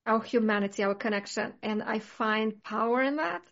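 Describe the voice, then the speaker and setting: A woman's voice: fairly high pitch, normal speed, vocal fry, a bit bright, lo-fi sound. A woman in casual conversation, talking earnestly and reflectively, with many "like" fillers. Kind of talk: casual chat.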